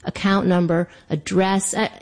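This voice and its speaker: A woman telling a comic personal story in an animated, self-mocking way. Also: on the low side, unhurried.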